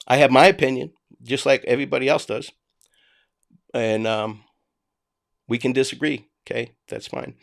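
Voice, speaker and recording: Man, boston accent, blunt and cussing, livestream host chatting to viewers, mid-pitched voice. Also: vocal fry. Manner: blunt and profane, addresses viewers directly. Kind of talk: casual livestream rant. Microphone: home desk mic, voice only.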